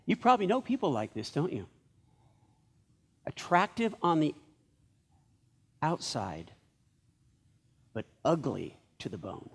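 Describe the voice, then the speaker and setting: High-voiced male pastor preaching. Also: slow, pauses often, breathy edge. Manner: lively storytelling, acting out quoted lines. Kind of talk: sermon. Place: church.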